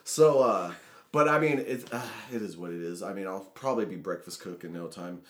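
A man chatting casually on a podcast, telling animated stories with laughs. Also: low-pitched, fairly quick. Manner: animated storytelling with shouted quotes and laughs. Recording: echoey room.

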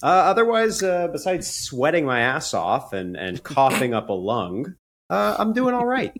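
A man's voice: a little high, big pitch swings, a little slow, fairly bright tone, slight background noise. A man co-hosting a wrestling podcast, speaking wryly and self-deprecatingly. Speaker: podcast co-host. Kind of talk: casual chat.

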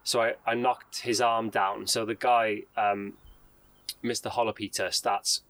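A man's voice: on the low side, little pitch movement, unhurried, a bit bright, low-quality recording. A man co-hosting a podcast, casually retelling a news story and reading quotes aloud with ums and restarts. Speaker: podcast co-host.

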